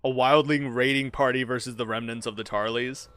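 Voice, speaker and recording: A young man giving live gameplay commentary as a streamer, excitable and swearing when frustrated. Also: medium pitch, fairly quick, smooth, dry recording. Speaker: game streamer.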